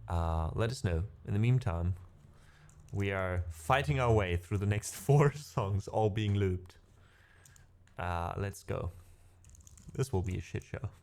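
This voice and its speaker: A man's voice: deep voice, takes it slowly, a little mellow. A man, not a native English speaker, chatting casually with his livestream audience between piano pieces, rambling and correcting himself. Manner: rambling, self-correcting, laughs often. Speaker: music streamer.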